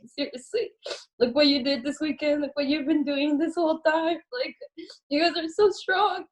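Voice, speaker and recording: Tearful young woman, high voice. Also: poor audio. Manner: halting, repeats herself. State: tearful, choked up. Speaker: program participant. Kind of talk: emotional thank-you speech. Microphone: video call.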